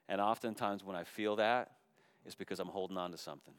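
A middle-aged man preaches a sermon in a low, smooth, resonant voice. He rises to loud, fervent calls and then drops to soft, hushed appeals. The sound is dry and close, with no room echo. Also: steady tone, fast. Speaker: pastor.

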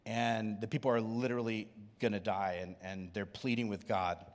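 Conversational pastor in an echoing hall. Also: male voice, on the low side, flat delivery, moderate pace. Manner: conversational, swinging from hushed to loud. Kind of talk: sermon. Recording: long reverb in a large hall.

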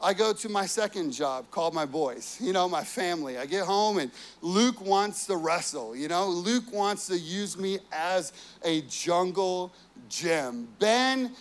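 A man preaching a sermon, earnest and personal, telling family stories with frequent "you know"s. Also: sits high. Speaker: pastor.

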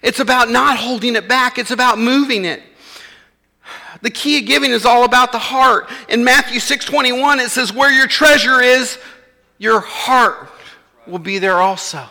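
A man's voice: very high voice, normal speed, gravelly, sharp tone, in a large hall. A man, preaching a sermon in a church in a conversational way and acting out the voices of his listeners. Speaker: pastor.

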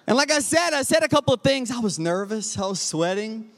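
A male pastor preaching a sermon with personal stories, energetic and humorous, moving between quiet asides and loud exhortation. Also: high-pitched, fast talker, vocal fry. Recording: long hall reverb.

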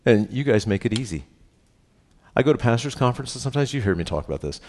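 Preaching as pastor, this middle-aged man speaks fast in a medium-pitched, darkish voice that swings widely in pitch. His sermon mixes scripture reading with relaxed, conversational explanation, frequent tag questions, and jokes at his own expense.

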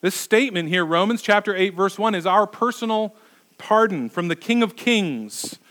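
A man's voice: high voice, expressive, moderate pace, a bit bright. A man preaching as a pastor, conversational and emphatic, asking his listeners rhetorical questions. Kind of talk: sermon.

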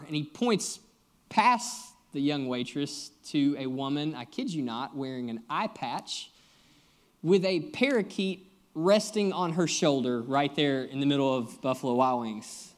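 A man's voice: fairly high pitch, expressive, normal speed. A young man, a guest pastor preaching a sermon, telling stories and joking with the congregation in a conversational way.

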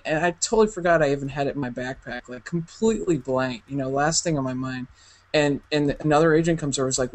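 A man co-hosting a photography podcast, telling an anecdote in a joking, laugh-prone way. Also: mid-range voice. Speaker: podcast co-host. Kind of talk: casual chat.

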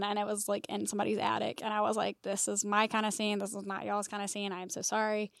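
A woman's voice: medium pitch, little pitch movement, fast talker, vocal fry, few pauses, no echo, studio quality. A woman co-hosting a comedy podcast, telling blunt, profane stories in casual chat. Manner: blunt, profane, storytelling with acted quotes.

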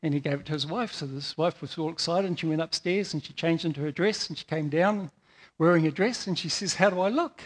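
High-voiced man preaching, rambling anecdotes. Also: fairly quick. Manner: rambling, repeats words, tells anecdotes. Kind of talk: sermon.

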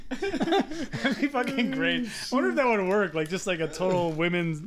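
Male podcast co-host with a high voice, crude and jokey storyteller. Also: slow pace, a bit bright, slight background noise. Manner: profane, laughing storyteller who acts out other people. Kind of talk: casual chat.

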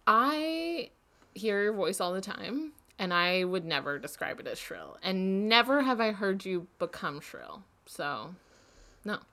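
Woman with vocal fry. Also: unhurried. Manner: rambling, filler-heavy, gets shrill when excited. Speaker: podcast co-host. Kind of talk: casual chat.

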